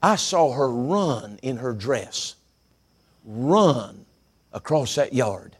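A man's voice: mid-range voice, lively intonation, very slow, slightly rough. A middle-aged man preaching a sermon, telling folksy stories and repeating words for emphasis.

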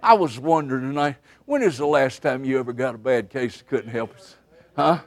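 A man preaching a revival sermon at a camp meeting, swinging between loud outbursts and hushed asides. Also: medium pitch, fairly quick.

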